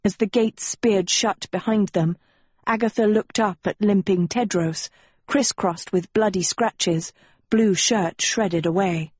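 A woman narrating a story in a measured, slow reading voice. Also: mid-range voice, a little mellow, husky, no room sound. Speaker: audiobook narrator. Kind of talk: scripted narration.

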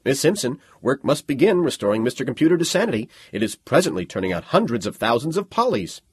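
A man voicing a crisp, clipped, officious technocrat official in a storybook reading. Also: mid-range voice, very animated, fast talker, dry recording, clean studio sound, voice pushed up.

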